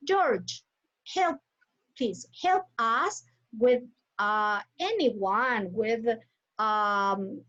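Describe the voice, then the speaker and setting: A woman teaching English to a class online, with an Ecuadorian Spanish accent and Spanish as her first language, patiently calling on students and repeating their names and cues. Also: high-pitched. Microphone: computer mic on a video call. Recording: dull lo-fi video call audio.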